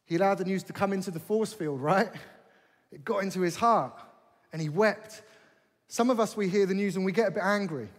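A man preaching a sermon with passion, repeating phrases for emphasis and building to forceful questions. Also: sits high, a little fast. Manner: impassioned, rising to forceful rhetorical questions. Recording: long hall reverb.

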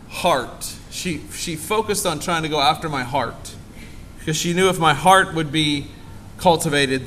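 Animated high-voiced man preaching. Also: slight background noise. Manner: animated, acts out quoted voices in high pitch. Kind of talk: sermon.

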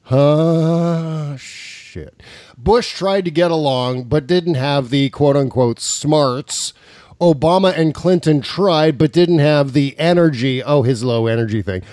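A man's voice: fairly high pitch, a little slow, darkish tone, no room sound, clean studio sound. A man hosting a political talk podcast, chatting casually and sarcastically, laughing often as he reads out tweets in a mocking tone. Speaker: podcast host.

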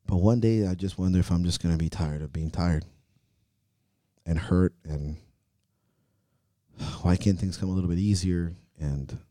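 A man hosting a podcast and talking candidly as a coach, earnest and profane, questioning himself with sighs and trailing pauses. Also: low-pitched, warm tone, dry recording.

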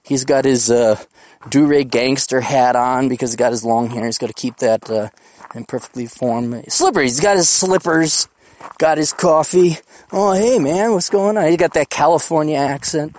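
A man's voice: mid-range voice, moderate pace, a little mellow. A man hosting a podcast in a casual, rambling monologue, profane and jokey, recorded outdoors on a mountain trail. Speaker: podcast host.

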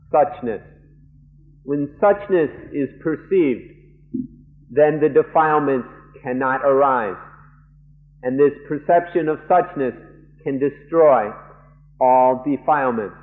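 A male monk interprets a dharma lecture live, working through each idea in short, deliberate phrases with pauses and restarts. He talks very slowly at a middling pitch. The sound is a narrow, muffled archival tape. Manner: measured, halting phrases with frequent pauses and restarts.

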